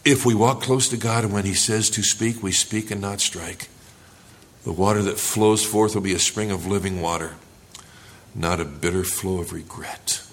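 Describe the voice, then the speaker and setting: A male pastor preaching a sermon in church, earnest, rising for emphasis and dropping low and quiet. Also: moderate pace.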